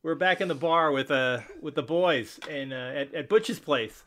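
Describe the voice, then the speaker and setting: A man's voice: on the high side, normal speed, a bit bright. A man co-hosting a podcast in casual chat, talking in a hesitant way with many fillers and repeats and frequent laughs. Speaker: podcast co-host.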